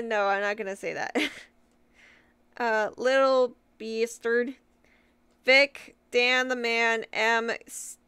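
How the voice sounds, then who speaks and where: Giggly young woman, clear voice. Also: a little high, fairly bright tone, no echo. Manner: giggly, stumbling over names, apologetic. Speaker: YouTuber. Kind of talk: casual vlog shout-outs.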